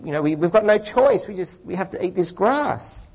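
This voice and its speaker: A man's voice: high voice, lively intonation, moderate pace, gravelly, a little mellow, pitched above the performer's own voice, exaggerated voice. A man putting on a humble poor roadside man.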